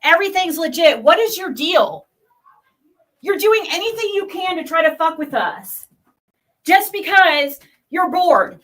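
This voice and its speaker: A middle-aged woman talks straight to her camera in a high voice, reacting to her online critics. Her tone is sharp and bright, and she swears freely as she rants. She drops to an irritated mutter, then climbs back up to yelling. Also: expressive, a little slow. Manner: heated, swears a lot, swings between muttering and yelling. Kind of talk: profane reaction rant.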